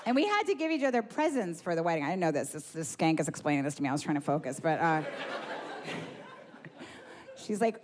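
A woman's voice: deep voice, very animated, fairly quick, pauses often, some chatter behind. Brash, profane woman comic. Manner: brash, profane, filler-heavy. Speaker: stand-up comedian. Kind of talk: stand-up set.

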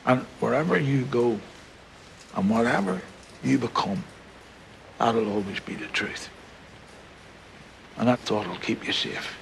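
An actor playing an older grandfather from Belfast, telling stories with dry humour and gentle warmth. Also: medium pitch, lively intonation, unhurried, creaky, long pauses, a little hiss or hum. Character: wry, warm-hearted old Belfast grandfather.

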